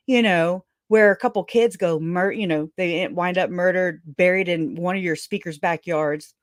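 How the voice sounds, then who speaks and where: A woman's voice: fairly low pitch, dry recording, studio quality. Fired-up, swearing woman host. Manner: fired-up, profane, laughing, halting restarts. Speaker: livestream host. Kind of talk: angry commentary livestream.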